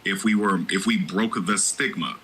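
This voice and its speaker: A man's voice: low-pitched, normal speed, bright, forceful tone, slight background noise, low-quality recording. A man co-hosting a podcast, talking emphatically and addressing listeners directly. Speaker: podcast co-host. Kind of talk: casual podcast chat.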